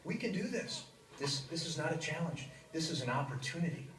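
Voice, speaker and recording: An actor playing a friendly but pushy customer who coaxes and bargains. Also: male voice, a little high, animated, fairly quick, fairly bright tone. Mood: coaxing. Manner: coaxing, bargaining. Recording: distant video playback in an echoey room, clear noise.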